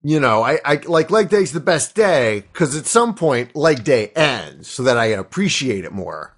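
A man's voice: medium pitch, big pitch swings, a little slow, a bit bright. A man rambling through crude jokes in a casual comedy podcast chat.

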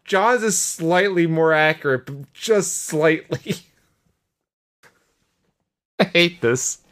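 A man hosting a comedy podcast explains the rules in a casual comedy chat, often sounding exasperated yet laughing along. His voice is fairly high and a bit bright, animated but unhurried.

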